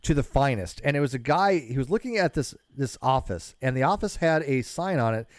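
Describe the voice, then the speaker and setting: A man hosting a casual group chat, animated and quick to laugh, often tripping over his words. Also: medium pitch, no echo. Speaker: show host.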